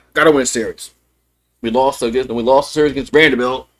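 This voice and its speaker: A man calls a baseball game live for his stream, pitch by pitch. He roots openly for his team and drifts into loose, chatty asides between pitches. His voice sits at an ordinary middle pitch. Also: fairly even intonation, fast talker. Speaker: fan play-by-play streamer. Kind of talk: live baseball play-by-play commentary.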